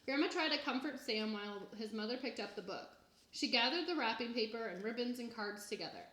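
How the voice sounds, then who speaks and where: A woman reads a children's chapter book aloud in an even, plain storytelling manner. Her voice sits a little high. The room adds a noticeable echo. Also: fairly quick. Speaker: reader. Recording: echoey room.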